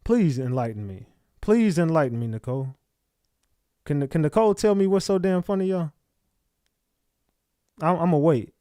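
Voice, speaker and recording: Blunt, profane livestream host, dry sound. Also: male voice, a little high, animated, moderate pace, long pauses, mellow, no room sound. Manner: blunt, profane, confrontational with chat. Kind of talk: casual livestream chat reading comments.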